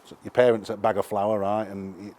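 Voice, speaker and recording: A middle-aged man with a Sheffield accent, a musician telling animated, sweary anecdotes in a casual interview. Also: lowish voice, a little fast. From England. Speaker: musician guest.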